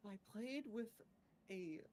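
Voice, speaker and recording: A woman voicing a blunt, curious young adventurer woman, speaking in short, plain, deliberate statements. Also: mid-range voice, animated, mellow, pitched above the performer's own voice. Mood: matter-of-fact.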